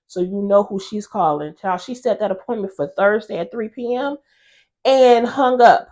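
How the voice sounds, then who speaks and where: A woman hosting a casual episode recap, chatty and expressive as she retells the characters' quarrels. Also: medium pitch, normal speed. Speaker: host recapping a TV drama episode.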